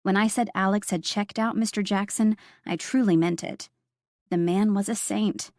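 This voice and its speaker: A woman narrates a first-person story with wry, expressive delivery, at a middling pitch. The recording is dry and close, with no room sound. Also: moderate pace, dry recording. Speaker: audiobook narrator.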